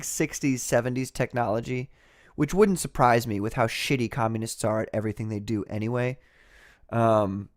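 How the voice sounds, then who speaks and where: A man hosting a casual livestream. He talks in a rambling, sarcastic way with frequent laughs, at a mid pitch for a man. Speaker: livestream host.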